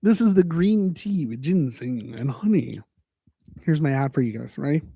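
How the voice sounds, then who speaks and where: Male streamer, high voice, dry close sound, playful rambling chat. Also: animated, normal speed, vocal fry, dark tone, slightly rough, no room sound. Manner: playful and rambling, jumping into silly bits. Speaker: livestream host. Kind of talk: casual livestream chat.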